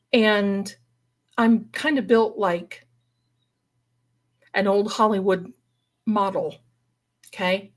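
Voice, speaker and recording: A woman spins a tale live for her viewers in a dramatic, folksy manner. She talks straight to them and calls them darlings. Her voice sits in an ordinary middle pitch. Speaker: paranormal storyteller guest. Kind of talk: live-stream storytelling.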